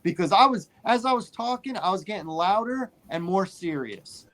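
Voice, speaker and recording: A man co-hosting a casual movie podcast, telling a story in an animated way and repeating phrases for emphasis. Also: high-pitched, normal speed. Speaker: podcast co-host.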